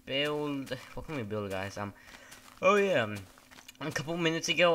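A man talks through a game in a loose, casual commentary, drifting from topic to topic. His voice is bright and forward, and he swears freely and gets irritated quickly. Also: on the high side, animated, slight background noise. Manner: rambling, swears often, easily annoyed. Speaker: gamer.

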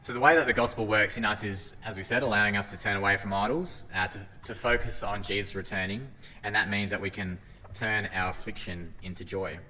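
A man's voice: lowish voice, steady tone, fairly quick, pushed and bright, a little hiss or hum. A man giving an earnest sermon talk as a lay preacher, reading scripture and often restarting his phrases. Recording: hall reverb, faint ambience.

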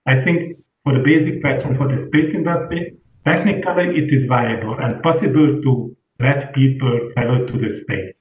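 A man speaking as a panelist in an online roundtable, halting and searching for words. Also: medium pitch, a little hiss or hum. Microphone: video call. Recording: tinny distant call audio in an echoey room.

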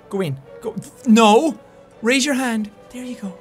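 An Irish man in his twenties doing loud, frantic gameplay commentary, swearing and yelling at the game. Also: extremely high pitch, a little slow, husky, faint music behind. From Ireland. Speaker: gaming YouTuber.

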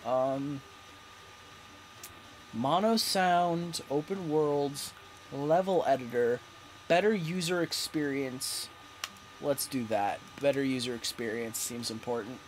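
A man giving casual, playful gameplay commentary, reading game text aloud and getting excitable. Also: mid-range voice, takes it slowly, a little hiss or hum. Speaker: let's play host.

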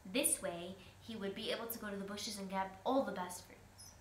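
A student reads a folk tale aloud to her class, now and then stumbling and restarting. Her medium-pitched voice holds a fairly even intonation at a moderate pace, in an echoey room with faint hiss.

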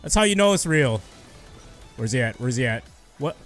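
A young man giving excited live commentary over his own gameplay, shouting and cheering when he gets kills. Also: mid-range voice, moderate pace, faint music behind. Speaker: gaming youtuber.

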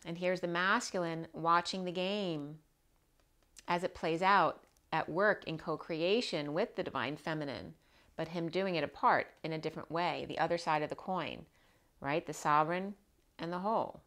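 A woman with a fairly low voice gives a loose, rambling tarot reading. She circles back on her words and keeps checking in with the listener. Her tone is casual and conversational. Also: moderate pace, fairly bright tone. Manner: rambling, repeats herself, frequent "right?" check-ins. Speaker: tarot reader.

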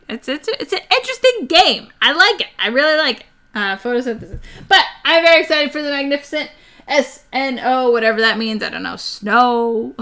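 Excited young woman streamer rambling about her games, clear smooth voice, bright tone. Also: fairly high pitch. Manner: chatty, excitable, rambling with fillers. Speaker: board game streamer. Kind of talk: casual chat about board games.

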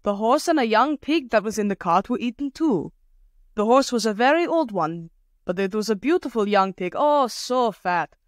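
A woman reader puts on an unflappable peasant woman in a storybook, pitched brighter and higher than the narration. She sounds calm and matter-of-fact, stretching her words as she haggles. The recording is dry and close. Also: moderate pace, no room sound, natural voice. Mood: calm, shrewd.

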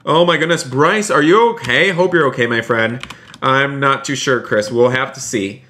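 Excitable man narrating a game stream. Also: medium pitch, normal speed. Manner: excitable, narrates every move to viewers; repeats phrases, keeps saying "you guys". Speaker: streamer playing a roleplay game. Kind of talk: live game stream commentary.

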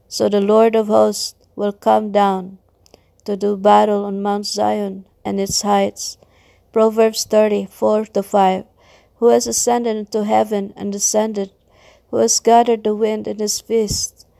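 Flat, gravelly woman reading devotions. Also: mid-range voice, dry recording. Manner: slow, measured recitation. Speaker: devotional reader.

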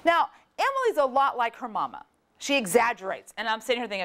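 Animated woman telling a family story. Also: a little high, fast. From Florida, USA. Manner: animated, acts out quoted voices. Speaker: speaker. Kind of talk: personal storytelling talk.

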